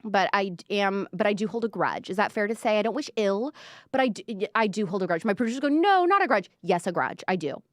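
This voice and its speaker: A woman's voice: mid-range voice, fast, no echo. Chatty woman, dry close mic. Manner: chatty and sarcastic, many fillers. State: out of breath. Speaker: host. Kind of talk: casual pop culture commentary.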